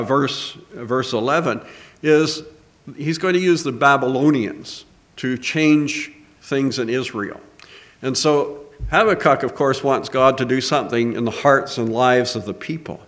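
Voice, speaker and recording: Male pastor, mid-pitched, earnest sermon delivery with hesitant fillers. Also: a bit bright. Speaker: preacher.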